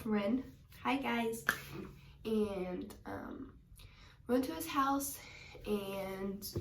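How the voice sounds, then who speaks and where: A woman's voice: medium pitch, noisy background. A young woman vlogging, telling a story in a chatty, gushing way full of "like" and "um". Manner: chatty and gushing, many "like" and "um" fillers. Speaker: reptile vlogger. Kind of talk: casual storytelling to camera. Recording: echoey room, voice a bit far from the mic.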